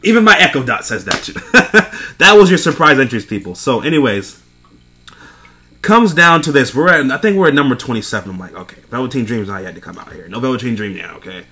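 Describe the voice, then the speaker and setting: Animated, exasperated young man ranting. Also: mid-range voice, fairly quick. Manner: animated, exasperated, swears often, laughs between points. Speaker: wrestling show reviewer. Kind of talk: casual profane recap rant.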